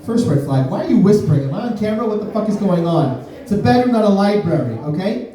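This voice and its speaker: A man from Miami doing a stand-up comedy set, deadpan, breaking into sudden high-pitched voices when he acts out quotes. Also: quick pace. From Miami, USA. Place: comedy club stage. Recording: roomy club sound from a distance. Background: audience laughter.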